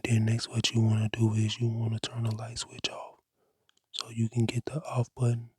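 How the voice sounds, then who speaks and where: A man whispering slowly through an ASMR cleaning video indoors, repeating the same short phrases over and over. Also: medium pitch, monotone, a little mellow, slightly rough, dry recording. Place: indoors at a rented home.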